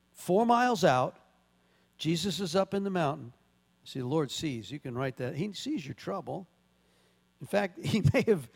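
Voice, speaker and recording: Male pastor, high voice, conversational sermon with sudden emphatic bursts, long hall reverb. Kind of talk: sermon with scripture reading.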